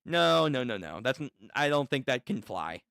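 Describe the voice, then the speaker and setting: A man's voice: mid-range voice, very animated, normal speed, vocal fry, fairly bright tone, clean tone, dry recording, studio quality. A man casually reading a manga aloud for his channel, joking and reacting between the panels. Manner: chatty, joking reactions, repeats words. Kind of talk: casual read-through with commentary.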